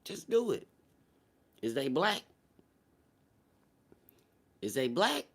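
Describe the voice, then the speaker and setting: Loud joking man hosting a livestream. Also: mid-range voice, very animated, slow pace, creaky, husky. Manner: loud, joking and profane, swinging between shouts and mutters. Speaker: livestream host. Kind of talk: casual livestream chat.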